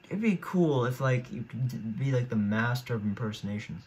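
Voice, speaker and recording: A man's voice: medium pitch, lively intonation, moderate pace, a little mellow, slight background noise. Rambling teenage boy thinking aloud. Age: teens. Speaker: YouTuber. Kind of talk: casual solo commentary.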